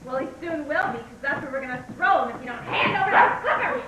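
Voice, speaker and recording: Casting: a sneering, cackling witch, a woman on stage, high lively voice, echoey hall miked from afar with music. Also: quick pace, far from the mic, crowd noise. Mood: gloating. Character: cackling wicked witch, cruel and gloating. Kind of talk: amateur stage play.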